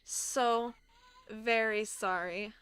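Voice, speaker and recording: A woman voicing a possessed antique doll holding a guilty man's spirit, reading its lines slowly in a flat, repetitive way. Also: a little high, clean tone. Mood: cold remorseful. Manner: slow, flat, repetitive apologies. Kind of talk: reading game dialogue aloud.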